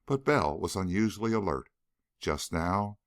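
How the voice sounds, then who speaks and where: Deep-voiced male audiobook narrator. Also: expressive, unhurried, no echo, clean studio sound. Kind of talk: scripted narration.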